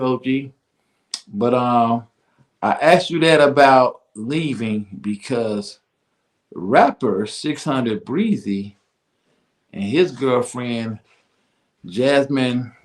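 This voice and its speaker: Slow-talking man hosting a show. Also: medium pitch, vocal fry. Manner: slow, loose Southern slang, laughs often. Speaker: radio show host. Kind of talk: casual chat.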